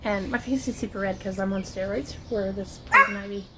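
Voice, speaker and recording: A woman's voice: mid-range voice, brisk, few pauses, background noise. A woman from Ohio telling a story to camera in a chatty vlog, with lots of "like" and "oh my gosh". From Ohio, USA. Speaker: vlogger. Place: home, dogs nearby. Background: barking dogs.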